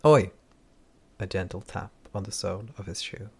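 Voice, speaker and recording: Low gravelly male audiobook narrator. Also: flat delivery, fairly quick. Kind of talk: scripted fantasy narration.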